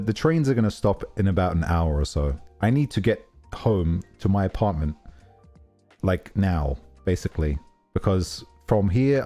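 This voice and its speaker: A man chats casually on a livestream, telling a meandering story with plenty of fillers and restarts. His voice sits low and sounds dark and relaxed. Faint music plays underneath. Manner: rambling, storytelling, many fillers. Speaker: streamer.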